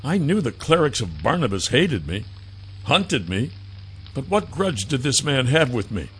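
Bright, unhurried male narrator. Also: medium pitch, sing-song, a little hiss or hum. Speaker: audiobook narrator. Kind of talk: first-person fantasy narration.

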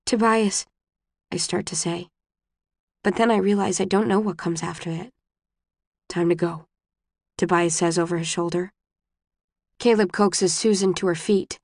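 A woman's voice: lowish voice, steady tone, darkish tone, dry recording, studio quality. Subdued woman audiobook narrator. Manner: subdued, measured and restrained. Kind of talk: first-person novel narration.

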